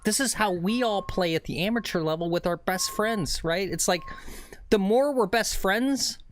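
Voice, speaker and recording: A man's voice: high voice, moderate pace, a little hiss or hum. A man hosting a golf livestream outdoors, chatting casually to viewers and rambling, often tagging on "right?". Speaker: livestream host on a golf course. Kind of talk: casual live commentary to chat.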